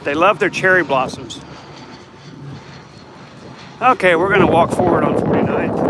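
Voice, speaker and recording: Heavy background noise surrounds an older man vlogging as he walks a city street, phone in hand. His voice is on the high side and moderately paced with long pauses, and he rambles casually, joking at himself.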